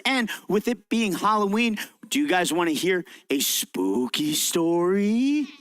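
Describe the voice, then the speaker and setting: A young man hosts a children's science show with bright enthusiasm, coaxing the kids to join in. His voice sits on the high side for a man. The sound is close and dry, with little room echo. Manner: lively, encouraging, talks to a young audience. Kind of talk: interactive kids' science show and storytelling. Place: library event room.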